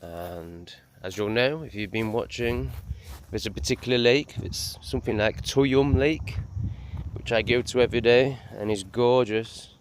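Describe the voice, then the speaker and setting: An English man chatting to camera in a vlog beside a lake, animated and full of asides. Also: medium pitch, measured pace. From England. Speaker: vlogger. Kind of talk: casual vlog talk to camera. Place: outdoors by a lake. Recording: noisy outdoor recording.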